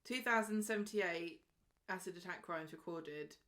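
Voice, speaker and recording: A woman co-hosts a casual soap recap. Her voice sits a little low but sounds bright and forceful. She is chatty and teasing, and she drops statistics into the conversation. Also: moderate pace. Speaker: podcast co-host.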